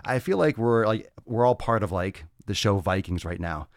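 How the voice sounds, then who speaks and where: A man hosting a casual solo podcast, loud, laughing and profane, talking on a close mic. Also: on the low side, moderate pace, hardly any pauses, dry recording. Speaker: podcast host.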